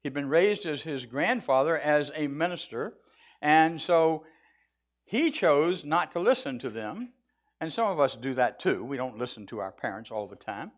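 A man's voice: on the high side, expressive, moderate pace, muffled recording. A man giving a folksy, conversational sermon in a church, mixing jokes with storytelling. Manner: folksy, conversational, with restarts and chuckles. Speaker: church speaker. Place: church sanctuary.

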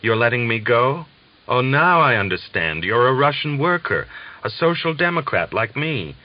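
A man's voice: mid-range voice, lively intonation, moderate pace, lightly acted. A man voicing an eager, overjoyed German soldier. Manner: eager, agitated pleading. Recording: dull lo-fi audiobook recording.

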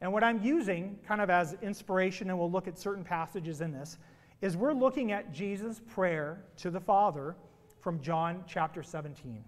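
A man's voice: high voice, normal speed. A man preaching to his congregation, telling playful jokes before his sermon. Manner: playful, animated joke-telling. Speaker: pastor. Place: church sanctuary. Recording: long reverb of a church hall.

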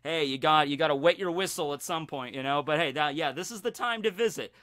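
A man hosting a casual fan commentary channel, talking in an energetic, rambling way with many restarts. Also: fairly high pitch, a little fast. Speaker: YouTube host.

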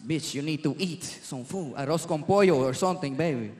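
A man's voice: on the high side, brisk, darkish tone, pitched below the performer's own voice, lightly acted. Comic playing a proud Latin guy, clipped and stiff in his phrasing. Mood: macho. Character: macho passionate Latin man.

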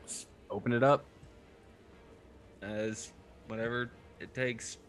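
A man's voice: medium pitch, fairly even intonation, slow, soft background music. A man playing a tabletop game, animatedly narrating what his character does. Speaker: player.

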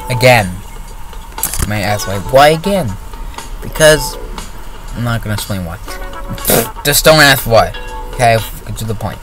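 A man's voice: lowish voice, expressive, a little slow, long pauses, a bit bright. A man giving casual let's-play commentary on a driving game, rambling and cutting himself off mid-sentence. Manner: rambling, self-interrupting, giggly. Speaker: gaming channel host. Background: game music.

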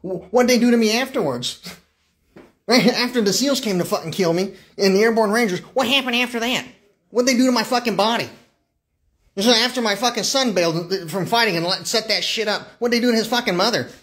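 Speaking brisk and high-pitched with a fairly bright tone, a man on a livestream launches into an agitated, profanity-laced rant. He keeps asking the same questions, stumbles over words, and breaks into frequent bursts of laughter along the way.

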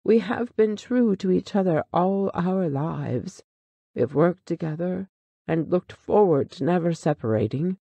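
Brief: reader doing a solemn, kindly businessman from an old story read aloud, slow and mellow. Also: medium pitch, expressive, breathy edge, dry recording, lo-fi sound. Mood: solemn sorrow. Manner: solemn, sorrowful. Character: loyal, kindly businessman, grave partner.

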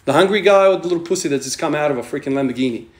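A man's voice: a little high, very fast. Blunt, swearing man in an echoey room. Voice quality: profane, emphatic, repeats "man". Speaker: strength training vlogger. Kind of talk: blunt motivational monologue.

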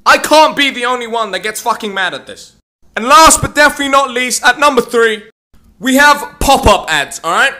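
A young man delivering a profane comedic rant, swearing constantly and bursting into shouts. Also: very high-pitched, expressive, moderate pace. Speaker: comedy ranter.

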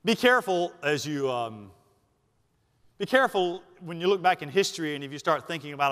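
A Southern-accented male pastor preaches a sermon in a high voice, pressing on key words and slowing them down for weight. He hurries through his asides. His voice rings out with the long reverb of a church sanctuary. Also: lively intonation, fairly bright tone. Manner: emphatic, slows for stress, then rushes asides. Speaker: senior pastor.

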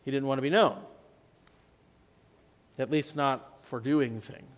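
A man preaching a sermon as pastor, telling the story in a conversational way and swinging between loud and soft for emphasis. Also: medium pitch, fairly even intonation, slow. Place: church sanctuary. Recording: long church reverb.

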